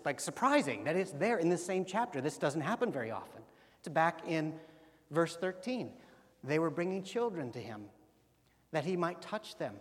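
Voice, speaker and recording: Pastor preaching, soft then emphatic. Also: male voice, on the high side. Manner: swings between hushed, slow emphasis and loud animated bursts. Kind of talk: sermon. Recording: long hall reverb.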